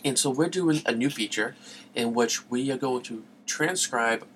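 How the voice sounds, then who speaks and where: A man's voice: medium pitch, a little slow, a bit bright, a little hiss or hum. A man hosting a gaming podcast in a casual, rambling way who gets sidetracked and laughs at himself. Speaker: podcast host.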